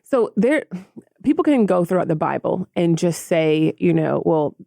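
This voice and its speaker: Een vrouw die als co-host van een podcast geanimeerd en losjes verhalen vertelt en haar luisteraars direct aanspreekt. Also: female voice, on the low side, measured pace, gravelly, dry recording, clean studio sound. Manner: animated, addresses listeners as y'all. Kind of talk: casual storytelling.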